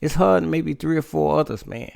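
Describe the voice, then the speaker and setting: Gravelly-voiced man, casual commentary monologue that repeats itself and keeps saying "man". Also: fairly high pitch, a little fast, a little mellow. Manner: addresses listeners as "man", repeats himself. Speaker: political commentator.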